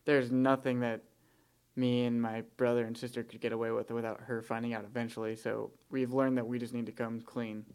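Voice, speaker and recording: Gravelly, smooth-voiced young man. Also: medium pitch, flat delivery, a little fast, darkish tone. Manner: blunt, joking. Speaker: guest.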